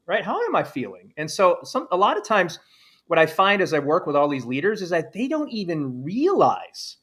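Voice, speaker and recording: A man who coaches leaders and gives keynote talks speaks in a casual live panel conversation. His voice sits fairly high for a man, and he slips into quoted self-talk with animated shifts. He keeps a lively, engaged delivery. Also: moderate pace.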